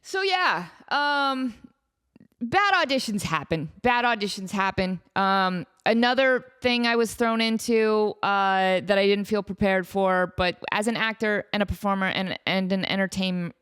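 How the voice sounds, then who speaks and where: A woman's voice: mid-range voice, measured pace, fairly bright tone, smooth. A woman in her thirties hosting a podcast, telling a story with a self-mocking, laughing delivery. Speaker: podcast host. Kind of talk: casual comedic storytelling.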